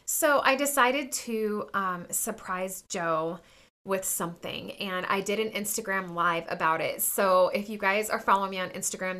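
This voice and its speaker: A woman's voice: mid-range voice, pushed and bright. A woman in her thirties hosting a podcast, telling a personal story in a chatty way, full of fillers and quoted dialogue. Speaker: podcast host. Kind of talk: casual personal talk to listeners.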